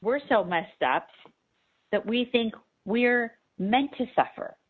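A woman's voice: fairly high pitch, expressive, slow, husky. A woman host and spiritual advisor giving an emphatic, repetitive radio talk monologue. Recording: tinny phone-like sound.

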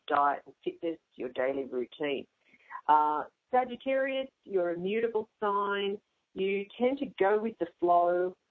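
A woman hosting a radio astrology show, talking through star signs in a chatty way with frequent ums and uhs. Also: lowish voice. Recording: phone-like narrow radio sound.

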